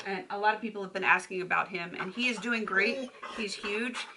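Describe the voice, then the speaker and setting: A woman's voice: mid-range voice, fairly quick, background noise. A woman beauty vlogger chatting casually to camera at home, laughing often as she talks. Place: home filming room.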